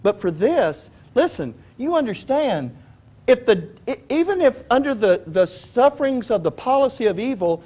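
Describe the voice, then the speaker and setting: A man's voice: very high voice, very animated, moderate pace, darkish tone. A man preaching a sermon in a conversational, joking way, often asking his listeners questions. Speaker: pastor.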